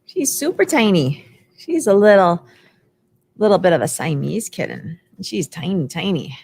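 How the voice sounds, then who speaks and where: A woman leading a preschool storytime, talking in a slow, sing-song way for small children. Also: fairly low pitch, sing-song, breathy edge. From United States. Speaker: children's librarian.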